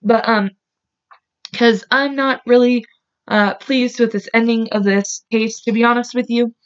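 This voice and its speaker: A woman's voice: fairly high pitch, steady tone, a little slow, highs cut off. A woman hosting a podcast and retelling a true-crime case in casual, filler-heavy talk that gets emotional and salty. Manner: chatty, filler-heavy, emotional, swears openly. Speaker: podcast host.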